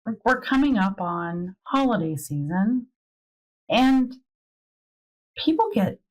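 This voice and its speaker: A woman's voice: medium pitch, lively intonation, slow, rough recording. A woman in a casual podcast conversation, speaking in an earnest, encouraging way. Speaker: podcast conversation partner, mother.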